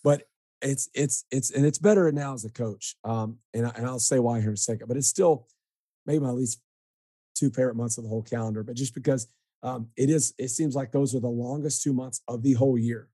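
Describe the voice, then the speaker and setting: A man's voice: medium pitch, fairly even intonation, fairly quick, dark tone, husky, dry recording, studio quality. A man hosting a casual podcast, talking in an easygoing way that stalls and restarts. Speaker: podcast host.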